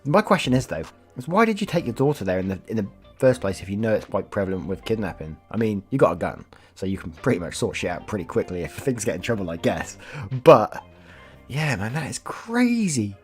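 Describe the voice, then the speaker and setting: A man reading online stories aloud and reacting with animated asides, with faint music behind. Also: fairly low pitch, fast talker. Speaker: story reader.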